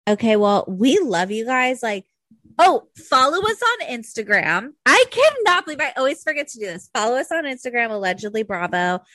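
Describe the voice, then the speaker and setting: A woman's voice: on the high side, normal speed, dry recording. Profane chatty woman podcast host. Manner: animated, profane, squeals for quoted voices. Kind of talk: casual chat.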